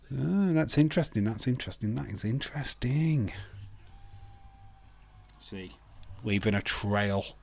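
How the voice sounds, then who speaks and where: A young man from West Yorkshire with a Yorkshire accent, chatting casually and swearing freely as he hosts a live wrestling watch-along and talks to his chat by name. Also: fairly low pitch. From West Yorkshire, England.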